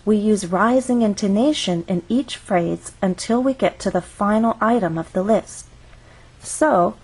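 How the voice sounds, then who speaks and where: A woman teaching English pronunciation, explaining intonation slowly and carefully and demonstrating patterns on example words. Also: mid-range voice, darkish tone, husky, low-quality recording. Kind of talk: slow, careful instructional explanation.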